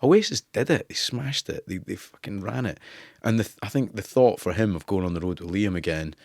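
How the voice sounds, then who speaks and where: A man's voice: on the low side, brisk, darkish tone, no echo, clean studio sound. A middle-aged Scottish man telling laughing, profanity-laced anecdotes as a podcast guest. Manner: swearing, laughing storyteller. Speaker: guest, former newspaper editor. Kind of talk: casual interview anecdotes.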